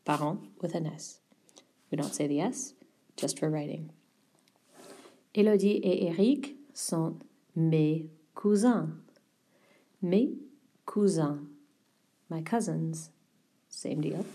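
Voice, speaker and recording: A woman teaching a French vocabulary lesson, mixing English explanations with slow, carefully pronounced French words. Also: low-pitched, mellow, slightly rough.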